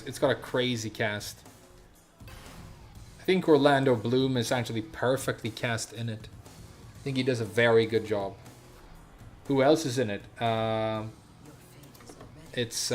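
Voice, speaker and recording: A young man streaming a game, chatting loosely with lots of fillers and casual swearing. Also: mid-range voice. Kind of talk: casual chat while gaming.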